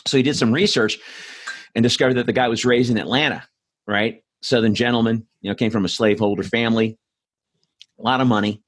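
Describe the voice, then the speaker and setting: This man's voice is medium-pitched and steady in tone, moving a little fast. As a podcast host answering questions, he chats casually and tells rambling stories, restarting often and filling gaps with fillers.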